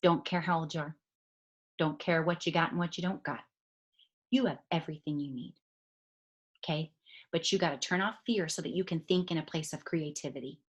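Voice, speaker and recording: A woman giving an emphatic motivational talk on a video call, swinging from loud to hushed. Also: deep voice, breathy edge. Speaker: network marketing leader speaking on a call.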